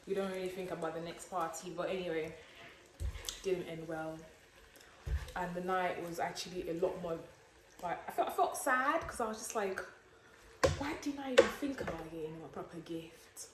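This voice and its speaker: A young woman tells a story in a cooking vlog, acting out both sides of it with lively drama. Her voice echoes around a home kitchen, and a faint noise sits behind it. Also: on the low side, normal speed. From England. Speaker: vlogger.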